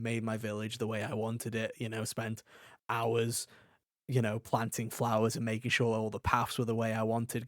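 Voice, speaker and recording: A man in his twenties co-hosting a casual gaming podcast, animated and acting out quotes as he tells stories. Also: mid-range voice, no echo, studio quality. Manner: animated storyteller, acts out quotes. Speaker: podcast co-host. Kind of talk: casual chat.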